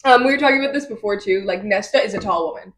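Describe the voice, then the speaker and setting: A woman's voice: mid-range voice, very fast, fairly bright tone. Chatty young woman recapping a book. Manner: chatty, full of "like" and quoted asides. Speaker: podcast co-host. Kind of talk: casual book discussion chat.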